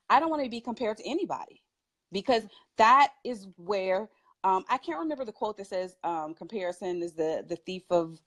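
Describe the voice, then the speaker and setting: A woman who is a parent, a guest on a talk show, giving advice in an emphatic way and laughing often. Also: mid-range voice. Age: adult parent. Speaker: guest speaker.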